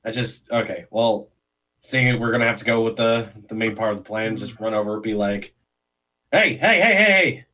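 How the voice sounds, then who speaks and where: A man playing in a tabletop game, planning out loud in a hesitant way with many fillers. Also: lowish voice, monotone, a little fast. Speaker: player. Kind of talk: casual tabletop role-play.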